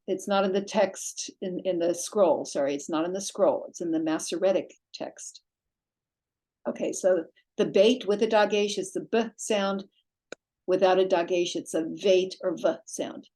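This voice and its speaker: A woman's voice: on the low side, darkish tone, poor audio. A woman teaching a recorded language lesson, drilling letter names for repetition and explaining patiently, with small self-corrections. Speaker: Hebrew teacher.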